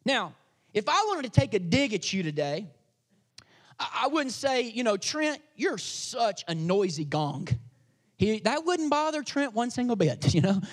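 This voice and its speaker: A man preaching a sermon as pastor, energetic and dramatic, swinging between loud emphasis and hushed asides. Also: very high voice, normal speed.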